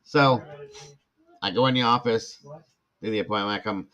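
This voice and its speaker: An older man rambles through a personal story and acts out every voice in it. His voice sits low, and the lo-fi mic makes it sound dull and muffled. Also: normal speed, fairly bright tone. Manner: rambling, acts out quoted speech. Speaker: podcast host. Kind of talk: casual storytelling chat.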